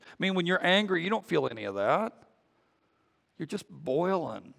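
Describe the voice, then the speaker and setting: Man, pastor, conversational sermon, repeats words, gravelly, fairly high voice, long church reverb. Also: sing-song, normal speed, a bit bright. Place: church sanctuary.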